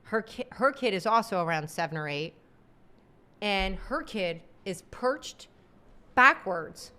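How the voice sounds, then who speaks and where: Animated woman telling a story. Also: mid-range voice, slow. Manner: animated, exasperated, acts out quotes. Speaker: podcast co-host. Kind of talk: casual storytelling chat.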